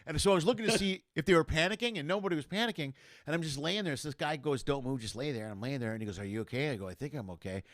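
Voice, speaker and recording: Middle-aged male comic guest, rapid animated storyteller, dry close mic. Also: fairly high pitch, no room sound. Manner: animated storyteller, acts out quoted voices. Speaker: comedian guest. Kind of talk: casual storytelling chat.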